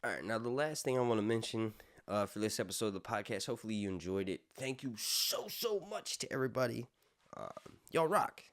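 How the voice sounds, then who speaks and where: A man's voice: medium pitch, lively intonation, fairly quick, fairly bright tone, no echo. A man hosting a podcast, rambling casually through a lore breakdown with lots of fillers and some swearing. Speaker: podcast host.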